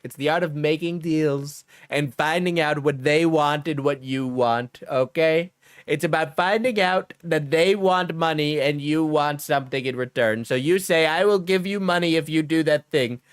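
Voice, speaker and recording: A man's voice: on the high side, normal speed, clear, resonant tone, no echo. Man, New York accent, live-stream commentary, crude and mocking, dry close sound. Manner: crude, mocking, talks over the video. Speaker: streamer reacting to a video.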